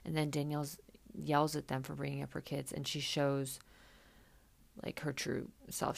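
A woman's voice: sits low, little pitch movement, normal speed, creaky, pauses often. A woman hosting a podcast, recapping a reality show in a chatty, sarcastic, casual way. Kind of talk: casual chat.

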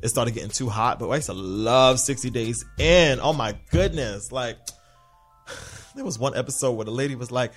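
Male podcast host, animated and sassy, pitch jumping all over, faint music underneath. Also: moderate pace. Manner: animated, sassy, slips into mocking voices. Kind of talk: casual TV recap monologue.

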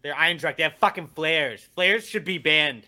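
Young podcast co-host, bright tense tone, angry swearing fan venting. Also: male voice, on the high side, normal speed. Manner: angry, profane ranting about his football team. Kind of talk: casual podcast rant.

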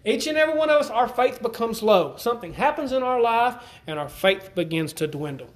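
High-voiced preacher in a roomy church. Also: male voice, big pitch swings, brisk. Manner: conversational, repeats himself, asks the congregation questions. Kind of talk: sermon.

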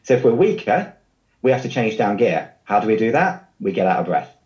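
A man's voice: on the low side, big pitch swings, brisk, darkish tone, muffled recording. A man, a fitness trainer guest on a podcast, explaining things patiently with everyday comparisons. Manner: explanatory, uses analogies. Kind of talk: podcast interview.

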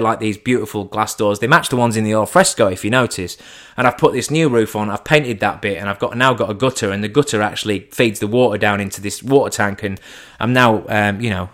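Animated swearing man, casual monologue. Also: fairly low pitch. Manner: animated, swearing, acts out mock phone calls.

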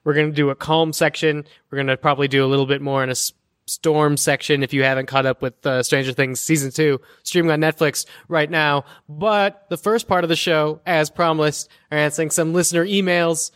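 A man's voice: fairly high pitch, fairly even intonation, a little fast, a bit bright, dry recording, clean studio sound. A man hosting a podcast in casual chat, steering the segments with light teasing. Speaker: podcast host.

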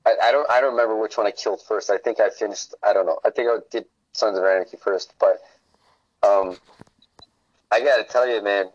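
A man's voice: fairly low pitch, steady tone, a little fast, no room sound, lo-fi sound. A man, a podcast guest, in casual chat, telling stories in a rambling, profane way.

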